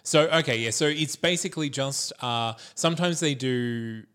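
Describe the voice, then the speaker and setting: A man's voice: mid-range voice, moderate pace, fairly bright tone, clean tone. A man co-hosting a podcast in casual chat, easygoing and rambling with fillers and restarts. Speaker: podcast co-host.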